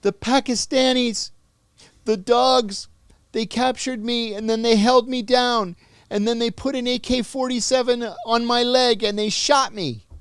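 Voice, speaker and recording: A man's voice: very high-pitched, big pitch swings, measured pace, dry recording, studio quality, voice pushed up, exaggerated voice. A man putting on the voice of a wounded captive man who pleads through tears. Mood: pleading.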